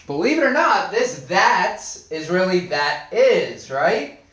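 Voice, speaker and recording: A man leads a live online Spanish lesson with a playful, animated manner, reacting to viewers' comments as he goes. His voice sits high and swings widely in pitch while he speaks at an unhurried pace. The recording carries a noticeable room echo. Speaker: Spanish teacher. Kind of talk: live online language class.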